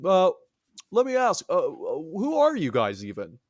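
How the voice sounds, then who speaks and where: A man's voice: sits high, wildly swooping pitch, measured pace, dry recording, voice pushed up, heavily acted. A man voicing a laid-back male cyclops giant who talks like a casual, swearing bro, in a comedic podcast retelling.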